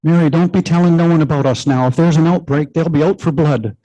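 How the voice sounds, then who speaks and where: Man playing an older woman, fretful, worried rush, mellow tone, live story reading. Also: on the high side, close to an everyday voice, poor audio. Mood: fearful. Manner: fretful, rushing worry. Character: anxious older woman friend.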